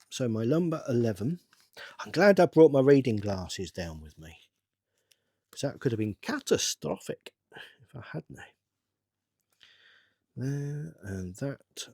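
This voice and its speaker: A middle-aged man, rambling to himself in a casual build-along chat with bursts of excitement. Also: lowish voice, breathy edge, no room sound, studio quality. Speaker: channel host.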